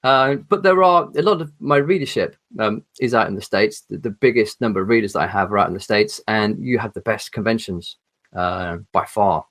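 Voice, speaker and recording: Articulate English man, halting ums. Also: lowish voice, a bit bright. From England. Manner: articulate, hesitant with many ums and restarts. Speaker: podcast guest, horror author. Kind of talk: casual chat.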